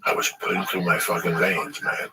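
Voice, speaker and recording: A man's voice: deep voice, flat delivery, moderate pace, bright, forceful tone. A man telling a rambling, profane story in casual chat and acting out the dialogue. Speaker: podcast host telling a story. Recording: distant mic with clear background noise.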